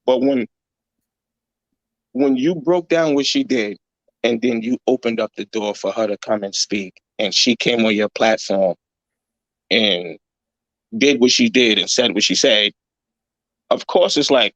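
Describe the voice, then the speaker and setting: A man's voice: medium pitch, unhurried, pauses often, a bit bright, dry recording, dull audio. A man hosting a casual reaction chat, talking in a blunt, heated way full of swearing. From New York. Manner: blunt, heated, profanity-laced ranting. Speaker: host.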